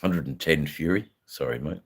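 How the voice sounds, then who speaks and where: A man's voice: a bass voice, moderate pace, breathy edge. An older man with an Australian accent, chatting casually and rambling on a livestream, reading out and answering viewers' comments. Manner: laid-back, rambling with many fillers. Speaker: livestream host answering chat. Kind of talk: casual live chat.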